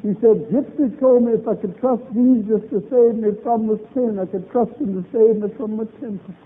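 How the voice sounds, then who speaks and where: A man's voice: high-pitched, moderate pace, slight background noise. A man preaching a revival sermon, fervent and emphatic, repeating lines for emphasis. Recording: tinny old lo-fi recording.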